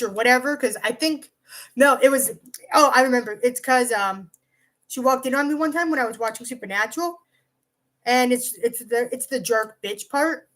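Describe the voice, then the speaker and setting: A woman's voice: sits high, lively intonation, normal speed, a bit bright. A young woman casually telling a rambling personal story, swearing freely and often restarting her sentences. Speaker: vlogger.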